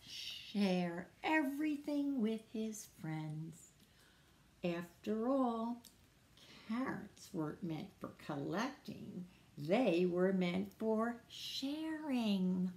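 A woman librarian reading a picture book aloud to preschoolers in a sing-song voice, pausing to ask the children questions. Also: mid-range voice, animated, darkish tone. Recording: roomy echo.

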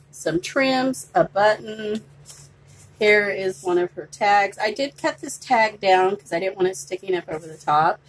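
A woman's voice: medium pitch, rough recording. Chatty woman showing off crafts. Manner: chatty, gushing, with fillers. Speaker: craft vlogger. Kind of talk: casual show-and-tell.

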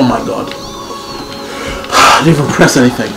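A young man from Kent commenting casually on a racing game, swearing and yelling whenever things go wrong. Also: medium pitch, slow, creaky. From Kent, England. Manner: excitable, swears and yells at the game. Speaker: gamer co-host. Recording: echoey room with game music.

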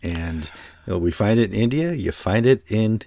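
Low-voiced joking news host. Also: male voice, animated, moderate pace, warm tone. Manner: joking, laughs between remarks. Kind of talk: casual news discussion.

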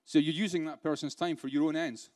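A British keynote speaker talks conversationally at a live conference in a conference room, using rhetorical questions and dry sarcasm. He is a fast talker with a fairly high, darkish voice and fairly even intonation, and there is no echo.

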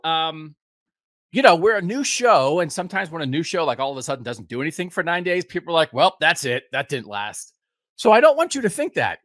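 In a dry, studio-quality recording, an American podcast host in his fifties gives a casual update from home that rambles and pokes fun at himself. His voice is a little high, with a fairly bright tone.

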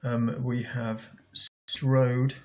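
A male teacher in a recorded lesson talks slowly and deliberately, pausing often to think aloud as he annotates a text. His voice has a gravelly, creaky edge. The sound is dull and lo-fi. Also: mid-range voice, level tone, a little mellow. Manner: thinks aloud while writing, many ums and restarts.

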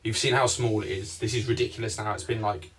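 A man's voice: fairly low pitch, fairly even intonation, fast talker, husky. Brief: young man, frightened vlogger, shaky voice, distant phone mic. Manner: shaky, repeats reassurances, shouts for help. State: panicking, shaking. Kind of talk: frightened handheld vlog. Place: inside a small stuck lift.

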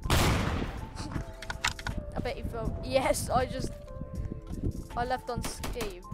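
A woman hosting a gaming channel, giving excitable, playfully cocky commentary while she plays. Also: on the high side, drawn-out words. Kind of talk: live gameplay commentary. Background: loud game music and gunfire.

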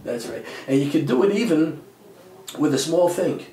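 A man who is a lecturer, telling a story in an interview with lively delivery, slipping into voices and repeating words. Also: a little high, moderate pace, a crowd in the background. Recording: roomy, distant mic.

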